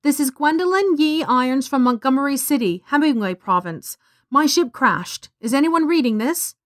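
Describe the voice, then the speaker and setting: A woman voicing a frightened teenage girl stranded after a crash, with desperate, shrill outbursts. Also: lively intonation, normal speed, fairly bright tone, no echo, clean studio sound. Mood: pleading.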